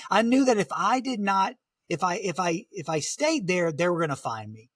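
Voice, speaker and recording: A man talking through a dramatic survival story in conversation, halting and full of fillers. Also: high-pitched, big pitch swings, a bit bright, no echo, clean studio sound. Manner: vivid, halting retelling with many "like" fillers. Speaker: guest, motivational speaker.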